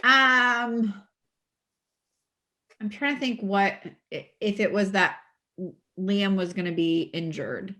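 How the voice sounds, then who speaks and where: A woman author talking as a guest on a casual podcast, animated and quick to laugh, with many fillers and restarts. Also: medium pitch.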